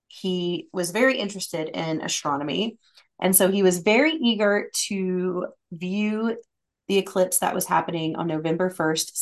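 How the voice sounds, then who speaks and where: Woman, podcast host, casual storytelling, slightly low voice, chatty with fillers. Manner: chatty, relaxed, with fillers and laughs.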